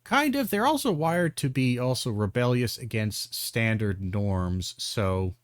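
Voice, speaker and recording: A man's voice: mid-range voice, animated, measured pace, dry recording. Guy ranting over clips, swears a lot, keeps restarting, dry mic. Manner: blunt, profane, exasperated ranting with restarts. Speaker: commentary streamer. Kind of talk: reaction commentary.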